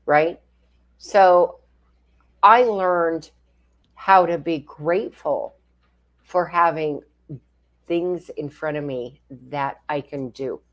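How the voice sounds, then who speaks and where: Low-voiced woman co-host. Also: takes it slowly, pauses often. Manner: encouraging, rhetorical questions. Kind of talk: conversational chat.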